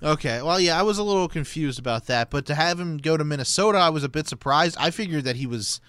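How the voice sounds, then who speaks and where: A man's voice: fairly high pitch, animated, fast, a bit bright, no room sound. A man hosting a hockey podcast, opening the show and chatting in an upbeat, teasing way. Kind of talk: casual sports chat.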